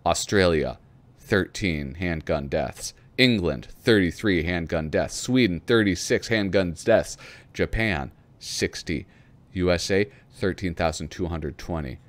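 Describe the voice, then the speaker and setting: A man's voice: sits low, a little slow. A man hosting a casual magazine flip-through, reading letters aloud and rambling with frequent chuckles. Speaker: host flipping through a magazine.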